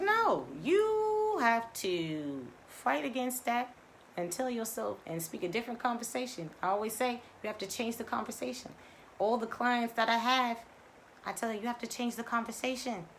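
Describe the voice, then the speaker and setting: In this live-streamed spiritual talk, a woman acting as coach talks directly to her audience, stressing ideas emphatically by saying them again and again. Her voice is fairly high, and a little hiss or hum can be heard.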